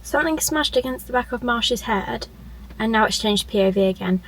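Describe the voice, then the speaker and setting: A woman's voice: a little high, animated, moderate pace. Chatty, emotional woman book vlogger. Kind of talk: casual reading-reaction vlog. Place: at work on a lunch break.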